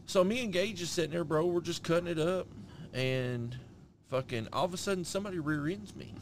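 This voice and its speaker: A man's voice: a little high, brisk, a little hiss or hum. A middle-aged man co-hosting a podcast, telling a story in casual chat with heavy swearing. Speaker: podcast co-host.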